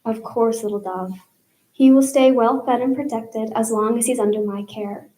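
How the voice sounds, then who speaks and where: A woman's voice: fairly high pitch, fairly even intonation, normal speed, warm tone, reverberant, close to an everyday voice. A woman doing a folksy, motherly old cook. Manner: hollering then cooing, folksy speech with "aye" and "ya". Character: gruff, motherly older woman cook with a thick brogue.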